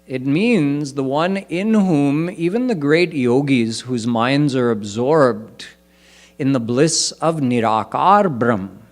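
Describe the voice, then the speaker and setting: A man giving a sermon as a spiritual teacher, explaining scripture slowly and deliberately and chanting verses in between. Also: mid-range voice, animated.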